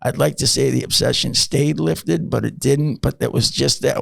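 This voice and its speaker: A man's voice: mid-range voice, normal speed, creaky. A man in his fifties, a podcast guest, telling his story in a rambling, casual way with many fillers and blunt swearing.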